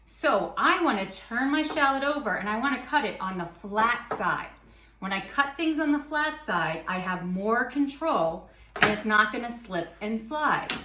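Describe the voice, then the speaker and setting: A woman's voice: on the high side, expressive, a little slow, echoey room, noisy background. A woman teaching a cooking lesson in a kitchen, explaining each step patiently and slipping in playful asides. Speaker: cooking instructor. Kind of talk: kitchen demonstration.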